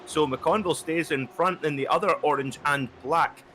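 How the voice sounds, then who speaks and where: A man co-commentating a sim race, relaxed and chatty, telling anecdotes between the action. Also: on the high side, moderate pace, background noise. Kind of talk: live sim racing commentary.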